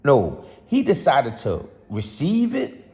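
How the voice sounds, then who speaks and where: A man's voice: mid-range voice, huge pitch swings, slow, darkish tone. A man ranting passionately to camera as a vlogger, rambling and repeating himself. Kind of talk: casual football rant to camera. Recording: long hall reverb.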